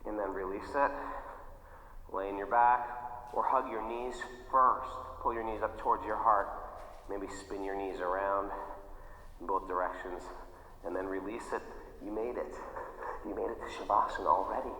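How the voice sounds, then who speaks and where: Male yoga instructor, tense and bright tone, playful and self-joking, recorded in a reverberant room. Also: lowish voice, fairly even intonation, moderate pace, long pauses, slight background noise. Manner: chatty, playful, talks openly about himself. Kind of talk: guided yoga class cues. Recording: echoey room with long reverb, dull lo-fi sound.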